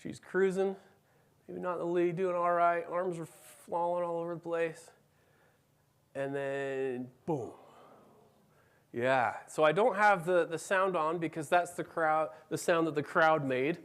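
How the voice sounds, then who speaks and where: At a measured pace, a middle-aged man gives a conference-room talk in a slightly high, steady, somewhat bright and smooth voice. He relates a family story and plays out the dialogue himself.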